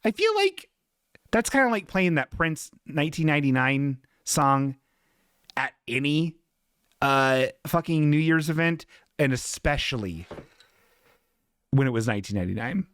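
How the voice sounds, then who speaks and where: During a casual live stream, he reads chat messages aloud in a loose, profane, jokey manner, giving the quoted people goofy voices. His medium pitch swings a lot at a moderate pace with frequent pauses, recorded dry in studio quality.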